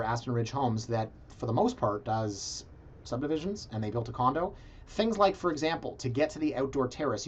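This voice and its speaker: A man hosting a casual video, reviewing condo listings in a sarcastic, animated way and talking straight to his viewers. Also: medium pitch. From Canada. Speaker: realtor and video blog host. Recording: slightly dull, lo-fi sound.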